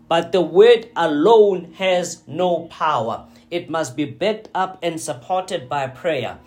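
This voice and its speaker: A man preaching a sermon, slow and deliberate, often checking in with his listeners. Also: on the high side, a little mellow. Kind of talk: sermon teaching.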